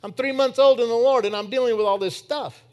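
A man preaching a sermon in church, telling a personal story that swings from emphatic to hushed. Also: extremely high pitch, fairly quick.

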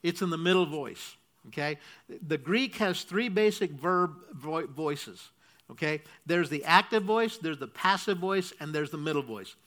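A man's voice: a little high, lively intonation, unhurried, fairly bright tone. A man preaching a sermon, explaining a point step by step and checking in with the congregation with frequent "okay?"s. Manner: teaching, asks the congregation to repeat and checks "okay?". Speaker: pastor.

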